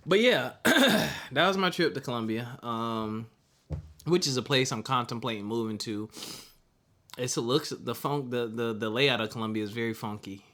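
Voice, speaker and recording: A young man co-hosting a podcast, chatting in a relaxed, rambling way with frequent fillers. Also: mid-range voice, normal speed. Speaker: podcast co-host. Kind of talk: casual chat.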